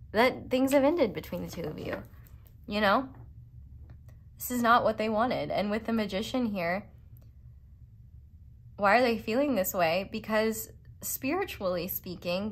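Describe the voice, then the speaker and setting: A woman giving a casual pick-a-card tarot reading, chatty and rambling with playful, self-mocking asides. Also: mid-range voice. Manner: chatty and rambling, full of "like" fillers. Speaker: tarot reader.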